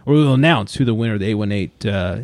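A man hosting a casual beer-tasting podcast, laid-back and quick to laugh, swearing now and then. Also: lowish voice, darkish tone, no echo. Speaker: podcast host.

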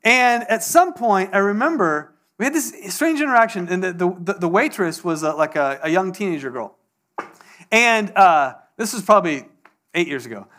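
Young male pastor, high voice, casual storytelling sermon with animated voices for quotes. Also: normal speed.

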